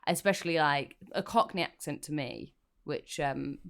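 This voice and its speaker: A woman's voice: sits low, moderate pace. A woman co-hosting a film podcast, chatting casually in a playful, opinionated way. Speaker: podcast co-host. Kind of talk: casual film-review chat.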